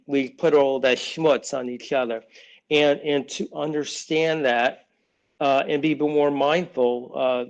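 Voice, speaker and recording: A man's voice: medium pitch, a little mellow, low-quality recording. A man in his sixties, a children's author, talking through his ideas in a loose, rambling way, often restarting sentences and briefly acting out relatives' voices. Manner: rambling, many restarts, acts out family voices. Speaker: children's book author, guest. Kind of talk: casual interview talk.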